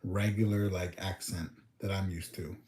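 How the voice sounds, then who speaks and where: A man's voice: low-pitched, flat delivery, normal speed, darkish tone, echoey room. A young man from the States, chatting casually and rambling on his livestream. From United States. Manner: rambling, talks to chat, thinks aloud with numbers. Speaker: livestream host.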